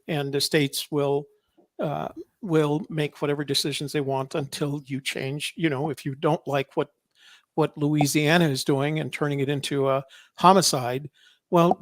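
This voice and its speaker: A man's voice: on the high side, dry recording, clean studio sound. A man co-hosting a podcast, talking casually and rambling, often correcting himself. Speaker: podcast co-host. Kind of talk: casual political chat.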